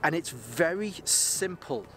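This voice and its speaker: A man's voice: on the high side, lively intonation, takes it slowly, a bit bright. Chatty self-mocking man vlogging outdoors. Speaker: gear channel host. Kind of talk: casual vlog to camera.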